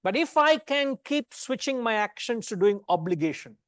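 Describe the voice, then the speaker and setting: A middle-aged man with an Indian English accent gives a Gita lesson in a loose, teasing, talkative way, dropping in Indian words. His voice sits high for a man. The sound is close and dry. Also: big pitch swings, moderate pace, clear, resonant tone, dry recording. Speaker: Gita teacher. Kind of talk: lecture to a study class.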